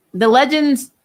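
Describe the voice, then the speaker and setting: A woman's voice: sits high, darkish tone. A young adult woman hosting a casual live-stream chat about TV shows, talking loosely, laughing often and trailing off mid-sentence. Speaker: host of a TV review channel.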